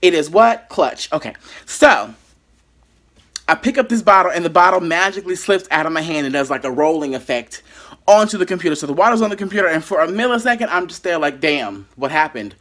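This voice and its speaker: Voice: mid-range voice, animated, fast, fairly bright tone. Youtuber doing a storytime in their bedroom, dramatic, keeps talking straight to viewers. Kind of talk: storytime vlog.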